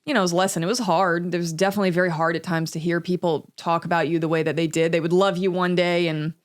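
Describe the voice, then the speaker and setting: A young woman from Alabama, a podcast guest talking in a reflective, unhurried way with lots of "you know"s. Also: fairly low pitch, flat delivery. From Alabama, US South. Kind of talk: casual conversational interview.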